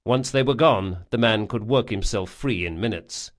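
A man's voice: on the low side, moderate pace. A man reading a fantasy novel aloud as a scripted audiobook narration.

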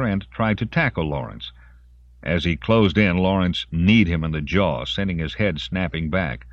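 A man narrating a story in an expressive storytelling voice. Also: low-pitched, dry recording, lo-fi sound. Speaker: audiobook narrator. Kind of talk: scripted narration.

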